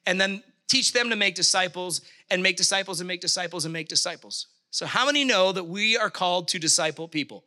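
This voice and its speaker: A middle-aged male pastor from Canada preaching a sermon, impassioned, with emphatic bursts and halting restarts. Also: sits high, bright, forceful tone.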